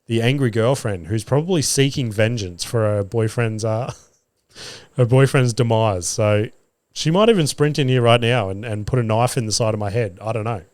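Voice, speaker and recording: Swearing freely, an Australian stand-up comedian hosting a podcast rolls through a casual storytelling monologue and performs the lines he once said. He speaks at medium pitch and normal speed with a darkish tone, in a dry recording.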